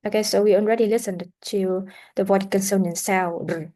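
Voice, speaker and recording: A woman teaching English pronunciation in a recorded lesson, explaining slowly with many "uh" fillers and modeling words for students to repeat. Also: medium pitch, steady tone, dark tone. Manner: slow, explanatory, with frequent "uh" fillers; models sounds and words for repetition. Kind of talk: recorded classroom lecture.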